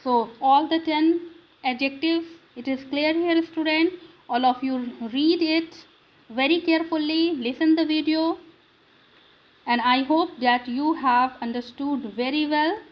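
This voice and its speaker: Woman grammar teacher, non-native English; high, measured delivery that asks then answers its own questions. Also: poor audio. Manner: slow, drilling questions and answers to students. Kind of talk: classroom grammar lesson.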